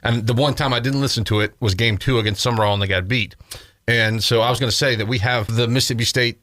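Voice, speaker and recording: A man co-hosting a radio show and doing sports broadcasting, talking casually in a rambling, halting way. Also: medium pitch, steady tone, fairly bright tone, dry recording, clean studio sound. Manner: rambling, halting, many restarts.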